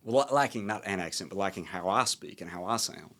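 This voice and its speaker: A man in his thirties from the American South with a Southern accent, hosting a podcast and musing in a relaxed, rambling way. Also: fairly low pitch, quick pace. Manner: reflective, rambling, many fillers. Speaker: podcast host. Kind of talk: casual conversation.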